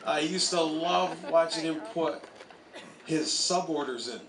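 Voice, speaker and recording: At an outdoor stadium, a college soccer coach gives a memorial speech, telling anecdotes and chuckling along the way. His voice is a little high and unhurried, picked up reverberantly by a distant mic over heavy background noise.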